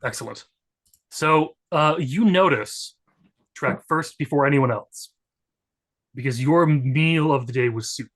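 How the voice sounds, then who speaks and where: A man narrating a tabletop game as its game master. He talks in a relaxed, joking way, with many fillers. His voice sits at an ordinary pitch. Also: unhurried, pauses often. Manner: laid-back, joking, with fillers.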